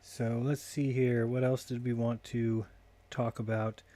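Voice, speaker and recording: A man's voice: mid-range voice, flat delivery, measured pace, warm tone. A man hosting a live call-in stream, talking casually and muttering to himself while he sorts out his call settings. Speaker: livestream host taking calls.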